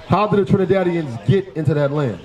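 A man preaching on a city street, forceful and confrontational, firing rhetorical questions at passersby. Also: a little high, animated, fairly quick, echoey room, rough recording. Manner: forceful, fires rhetorical questions, repeats "right?".

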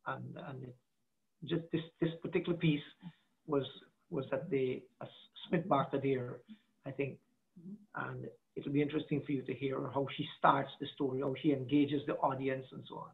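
A man with a gravelly voice chats as an interview guest, wandering through his points and reaching for words. His voice sits at an ordinary pitch. The audio is thin and phone-like, as if from a video call. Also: little pitch movement, moderate pace. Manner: rambling, searching for words, trailing off. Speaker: guest, artistic director. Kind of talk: conversational interview.

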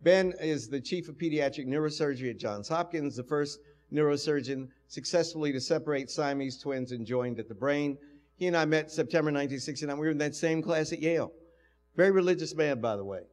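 A man's voice: fairly high pitch, fairly quick. An older man from the United States telling stories in a university lecture and acting out the voices he quotes. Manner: storytelling, animated, acts out quoted voices. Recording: lecture hall with long reverb.

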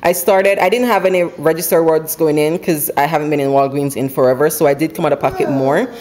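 A woman chatting casually at home about her couponing haul, running through prices quickly and laughing now and then. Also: low-pitched, fairly even intonation, a little mellow. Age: adult with school-age kids. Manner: chatty, quick, runs numbers aloud, laughs often. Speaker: couponing vlogger. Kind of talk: casual haul video chat. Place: home, indoors.

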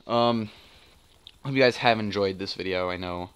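Young male gaming host, lowish voice, mutters and curses through live play commentary. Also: moderate pace, fairly bright tone, clean tone. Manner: muttering, swearing, self-deprecating grumbling.

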